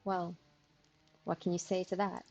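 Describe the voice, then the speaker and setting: A sleepy woman streamer reading a visual novel aloud, with a gravelly, husky voice. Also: on the low side, flat delivery, unhurried, a little mellow, faint music behind, low-quality recording. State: sleepy, yawning.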